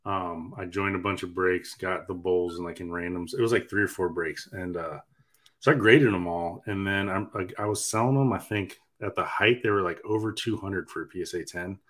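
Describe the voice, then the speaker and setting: A man with a low, steady voice chats casually as a podcast co-host. He tells stories by quoting himself and his wife, jumping up in pitch for the acted-out lines. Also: normal speed. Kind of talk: casual chat.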